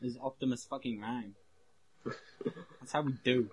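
Husky-voiced rambling male podcaster. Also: mid-range voice, steady tone, measured pace, a little mellow, poor audio. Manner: rambling, self-interrupting, swears freely. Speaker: podcast co-host. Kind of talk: casual chat.

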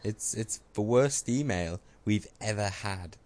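A man's voice: lowish voice, slow pace, darkish tone. A man co-hosting a podcast in casual chat, joking and self-mocking. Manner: joking, self-mocking, puts on funny voices. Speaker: podcast co-host.

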